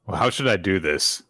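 A man's voice: low voice, bright, forceful tone, dry recording. A young man co-hosting a casual podcast, adding dry, amused comments on the episode. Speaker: podcast co-host. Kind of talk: casual chat.

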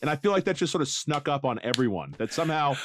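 A man's voice: fairly high pitch, sing-song, quick pace, a little hiss or hum. A man co-hosting a podcast in casual chat, blunt and crude in his humor. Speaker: podcast co-host.

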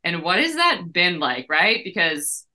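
Bright, low-pitched woman podcast host. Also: unhurried. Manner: animated, says "like" and "right?" a lot, playful vocal leaps. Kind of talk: conversational interview hosting.

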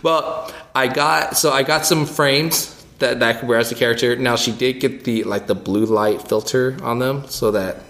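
A man co-hosting a church ministry podcast, telling a story in a rambling, animated, casual way. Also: medium pitch, moderate pace, vocal fry, few pauses. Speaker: children's ministry co-host.

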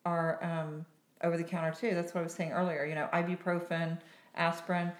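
A woman who works as a nurse injector, hosting a casual podcast chat in an animated, chatty way and laughing often. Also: fairly low pitch, a little fast. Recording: roomy echo.

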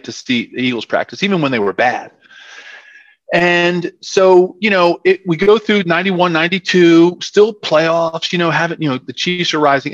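A man tells a casual, rambling interview story, packed with fillers. His voice sits slightly high. The audio is dry and a bit muffled. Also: fairly bright tone, no room sound. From South Philadelphia, USA. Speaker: former football player, guest.

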